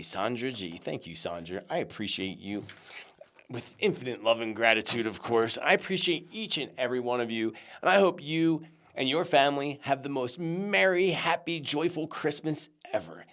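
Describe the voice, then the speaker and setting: Male show host, mid pitch, very animated intonation, casual and playful delivery. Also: normal speed. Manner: lively, animated, jokey, grateful. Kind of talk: casual chat reading viewer cards.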